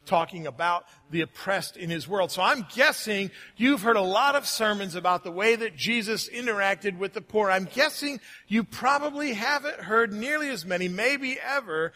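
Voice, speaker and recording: Preacher, male, high bright voice, friendly and joking, stretches key words. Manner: friendly, joking, varies pace for emphasis. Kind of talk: sermon. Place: church.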